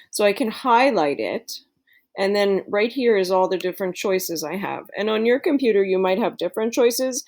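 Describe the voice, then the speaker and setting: A woman's voice: medium pitch, a little mellow. A woman teacher giving a screen-recorded tutorial to her students in a friendly, chatty way, with plenty of fillers.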